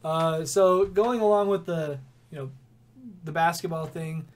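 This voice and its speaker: Young male podcast co-host, rambly and giggly, slightly high voice, faint noise. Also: a little slow. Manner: rambling, laughs often. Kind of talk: casual sports chat.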